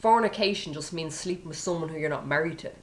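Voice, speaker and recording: A woman's voice: sits low, fast, low-quality recording. A woman preacher giving an informal sermon, peppering it with "you know" and "okay?" and acting out prayers. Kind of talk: conversational sermon.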